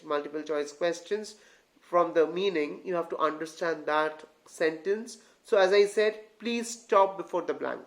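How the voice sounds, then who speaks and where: An English tutor with a middle-pitched voice teaches reading comprehension in an online grammar lesson. The tutor keeps checking in, often asking whether viewers follow and calling them guys, while repeating and restarting phrases.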